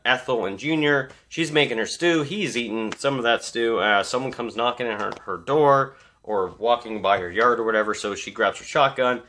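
Male reviewer with a bright, sharp voice and a loose, swear-filled, animated recap style. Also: mid-range voice. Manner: animated, swearing constantly, laughing asides. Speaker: movie reviewer. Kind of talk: casual profane film recap.

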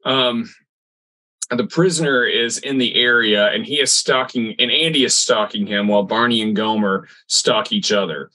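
A man casually recapping a sitcom episode on a podcast, rambling and halting with restarts. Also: on the low side, sharp tone, rough recording. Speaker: podcast co-host.

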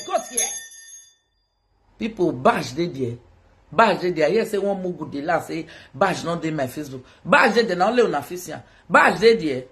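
Woman, Nigerian accent, livestream chatter, teasing, sing-song hawking calls, very lively pitch. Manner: sing-song hawking calls, switches between Pidgin and Yoruba; teasing, talks to viewers. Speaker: social media live streamer.

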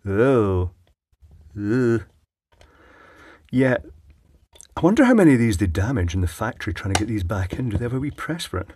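A man's voice: fairly low pitch, sing-song, moderate pace, pauses often, a little mellow, slight background noise. A man chatting dryly as he repairs electronics at his workbench, thinking aloud as he works. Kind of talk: casual workbench commentary.

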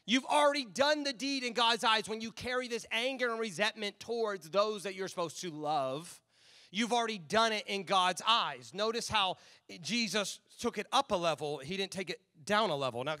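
A young man preaching a sermon as pastor, telling a story and acting out both sides of the dialogue with lively energy. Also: sits high, a little fast.

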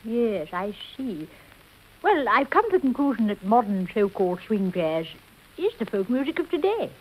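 A woman's voice: on the high side, sing-song, normal speed, muffled recording. An actress playing a gushing, effusive society lady in a 1940s radio comedy. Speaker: gushing radio-panel guest.

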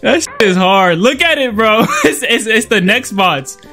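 A young man trash-talking in casual game voice chat, loud, brash and swearing. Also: high voice, animated, unhurried, soft background music. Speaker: gamer in voice chat. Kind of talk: loud playful game banter.

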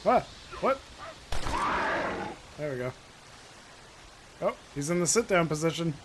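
Joking gamer guy laughing through his run, slow drawl, noisy background. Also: on the high side. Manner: joking, giggly, excitable. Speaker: gaming YouTuber. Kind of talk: gameplay commentary.

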